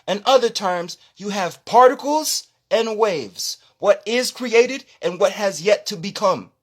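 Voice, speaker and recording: Ranting live on stream, a man who makes spirituality content swears freely and preaches at full volume. He swings between shouted passion and quieter, low asides.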